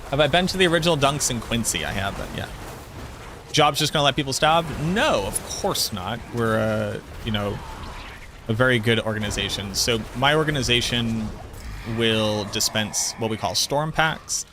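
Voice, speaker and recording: A man chats casually while streaming a game, rambling and talkative, often correcting himself mid-sentence. His voice is mid-range and moderately paced, set against a noisy background.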